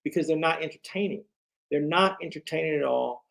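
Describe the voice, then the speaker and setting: A tired man rants on a late-night livestream, circling back and repeating his points as he talks to his chat. His voice sits a little on the high side for a man. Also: fairly quick, gravelly, a bit bright. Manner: rambling, repetitive ranting, talks to chat. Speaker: livestream host.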